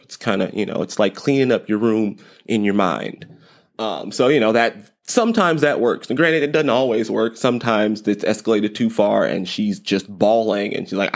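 Podcast host, a man in his thirties, low and gravelly, rambles through parenting advice with self-deprecating jokes. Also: fairly quick. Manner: rambling, repeats words, light self-deprecating humor. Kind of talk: casual parenting advice monologue.

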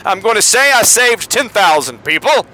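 A man's voice: high-pitched, sing-song, moderate pace, sharp tone, pitched above the performer's own voice, exaggerated voice, rough recording. A man impersonating a middle-aged male stadium evangelist calling crowds forward in a grand, rolling preaching manner. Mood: rousing.

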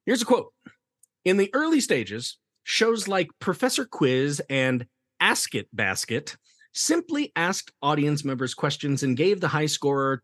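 A man's voice: on the high side, fairly bright tone, no room sound, studio quality. A man hosting a theater history podcast, chatting casually, laughing often and reading quotes aloud. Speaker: podcast host. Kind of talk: casual chat.

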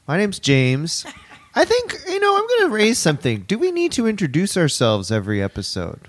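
A man's voice: sits high, huge pitch swings, a little fast. Wry, rambling man on a podcast. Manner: wry, rambling, easily amused. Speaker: podcast co-host. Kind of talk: casual comedic chat.

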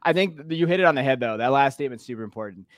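An earnest male teacher talks casually and with animated emphasis. His voice sits in a middle register. The recording is close and dry, with no room sound. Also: medium pitch, racing, no room sound. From Portuguese and Irish heritage. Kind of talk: casual podcast conversation.

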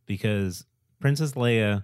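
A man's voice: lowish voice, slow pace, darkish tone, clean tone, dry recording, clean studio sound. A man co-hosting a casual chat, rambling with enthusiasm and acting out film quotes. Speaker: podcast co-host.

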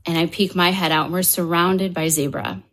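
A woman, a podcast guest, telling a personal story in casual conversation, animated and full of fillers, acting out other people's lines. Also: on the low side, brisk.

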